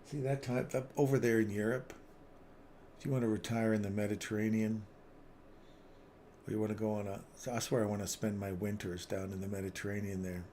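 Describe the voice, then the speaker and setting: A man with a somewhat low voice runs a casual live trading stream. He drifts into rambling, chuckle-filled stories, then thinks aloud as he works through the chart. Faint background noise sits under his voice. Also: little pitch movement, fairly quick, warm tone. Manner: rambling, chatty anecdotes with frequent chuckles.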